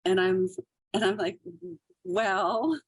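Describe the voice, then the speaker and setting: A woman's voice: mid-range voice, slow pace, slightly rough, dry recording. A middle-aged woman comedian telling stories in a casual interview, laughing often and acting out quotes. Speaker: podcast guest, comedian.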